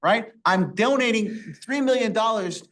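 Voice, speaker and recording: A rabbi leading a Torah study class, asking rhetorical questions and quoting Hebrew verses. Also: male voice, high voice, moderate pace, a bit bright. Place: synagogue classroom.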